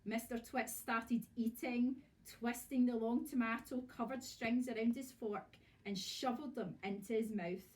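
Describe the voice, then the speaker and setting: Scottish woman, teacher, storybook read-aloud, expressive, fairly high voice, distant mic. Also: measured pace. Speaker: primary school teacher. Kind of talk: reading a storybook aloud to children. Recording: voice from far off.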